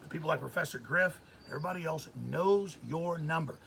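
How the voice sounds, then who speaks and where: A middle-aged man hosting a live stream, ranting heatedly with a gravelly voice, swinging between shouting and muttering. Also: on the high side, fairly quick, few pauses. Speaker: host.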